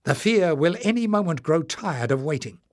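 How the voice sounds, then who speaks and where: A man's voice: fairly high pitch, sing-song, normal speed, voice pushed up. A man voicing an anxious, earnest young male villager who pleads.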